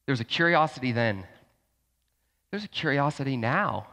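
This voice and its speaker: A man's voice: mid-range voice, sing-song, normal speed, long pauses, pushed and bright. A young adult man and pastor preaching a sermon in a conversational, emphatic way, firing off rhetorical questions in a church hall. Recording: long hall reverb.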